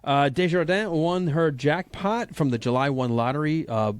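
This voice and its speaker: A man's voice: a little high, moderate pace, background noise. A man co-hosting a radio show, reading odd news items and teasing the host with playful banter. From French background. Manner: playful, teasing, laughs a lot. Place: radio studio.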